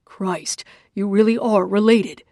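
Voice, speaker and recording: A woman's voice: mid-range voice, steady tone, slow, warm tone, dry recording, studio quality. A woman voicing a blunt, weary man on the phone in an audiobook, with an exasperated manner. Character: man, gruff and tired, on the phone. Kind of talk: audiobook dialogue reading.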